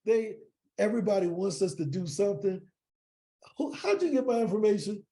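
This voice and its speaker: Gentle middle-aged mother, soft-spoken, tired, apologetic, a man doing the voice, raised pitch. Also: expressive, brisk, creaky. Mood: warm, weary. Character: kind protective mother, middle-aged woman.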